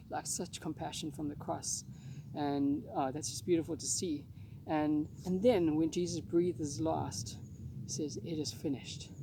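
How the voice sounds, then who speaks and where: A man's voice: on the high side, gravelly, noisy background. A man giving an informal devotional talk, casual and rambling with frequent restarts. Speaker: preacher.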